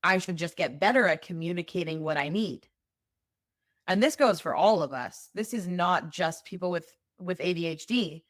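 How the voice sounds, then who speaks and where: A woman's voice: fairly low pitch, animated, moderate pace, no echo, studio quality. Conversational woman podcast host. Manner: conversational and emphatic, explains with examples. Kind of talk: solo podcast talk.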